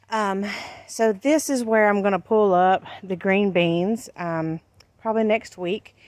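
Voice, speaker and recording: A woman's voice: lowish voice, dry recording. A woman giving a chatty, folksy tour of her vegetable garden outdoors, talking to her viewers while filming on a handheld camera. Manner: folksy, chatty, points things out as she walks. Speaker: homestead gardening vlogger.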